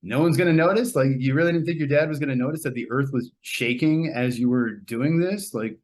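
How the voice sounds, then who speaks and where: A man hosting a casual solo review, rambling and conversational with lots of fillers, and his pitch jumps up sharply when he gets excited. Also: a little fast. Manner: animated, jumps up when quoting. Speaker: show host reviewing a TV episode.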